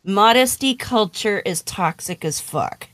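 A woman's voice: mid-range voice, lively intonation, measured pace, a bit bright. A woman co-hosting a casual podcast, outspoken and blunt, who swears freely. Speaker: podcast co-host. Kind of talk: casual panel discussion.

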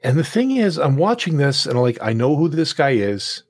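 A man's voice: mid-range voice, sing-song, moderate pace, darkish tone, husky, no echo. A man co-hosting a podcast, chatting casually and telling a rambling story with many restarts. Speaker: podcast co-host. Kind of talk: casual chat.

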